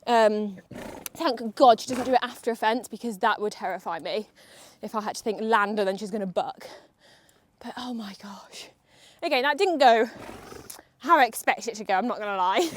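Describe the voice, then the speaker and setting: Girl vlogging from the saddle, high voice, jittery and chatty, horse noises around. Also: slight background noise. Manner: nervous and chatty, talking to her horse and viewers. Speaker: vlogger riding her horse. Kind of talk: casual chat while riding. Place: outdoor riding arena.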